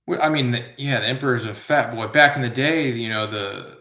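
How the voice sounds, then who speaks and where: A man's voice: medium pitch, brisk, pushed and bright, reverberant. A man hosting live trivia, riffing in a goofy, self-amused way and wandering off on tangents. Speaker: trivia host. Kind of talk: rambling live trivia commentary.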